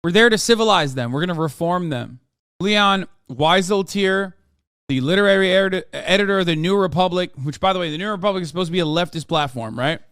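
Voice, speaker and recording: Here a streamer host speaks in a high, clean-toned voice, captured in a dry, clean studio recording. He rattles off quoted articles quickly and flatly, then bursts into sarcastic rants laced with profanity.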